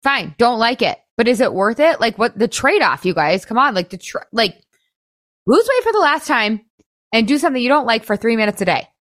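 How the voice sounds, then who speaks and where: A woman's voice: a little high, lively intonation, quick pace, hardly any pauses, a bit bright, no echo, clean studio sound. A woman weight-loss coach talking to her listeners in a chatty, upbeat way, often saying "like" and laughing. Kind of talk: casual coaching talk.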